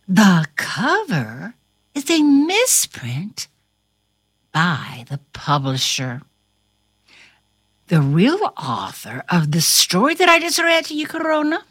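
A woman's voice: mid-range voice, wildly swooping pitch, slow, a bit bright, no echo, clean studio sound. A woman reading a children's storybook aloud with dramatic flair, dropping to whispers and rising to cries, then chatting about the book. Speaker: storybook reader. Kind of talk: expressive read-aloud storytelling.

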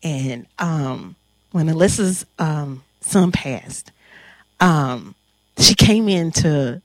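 Woman, panel moderator; animated, halting storyteller; dry, close sound. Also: low-pitched, no echo. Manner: animated, halting with fillers, emotional. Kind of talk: emotional storytelling to an audience.

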